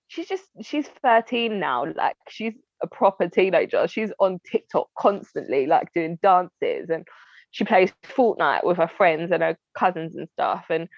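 A woman's voice: on the low side, no echo. Candid woman, dry dull recording. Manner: candid, heartfelt, often acts out what family said. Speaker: interview guest. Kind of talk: personal storytelling in conversation. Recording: dry, slightly dull lo-fi sound.

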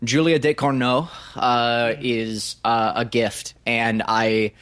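A man's voice: medium pitch, level tone, slow pace, fairly bright tone, clean tone. A man co-hosting a podcast, talking about films with enthusiasm and many fillers. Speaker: podcast co-host. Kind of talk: casual film chat.

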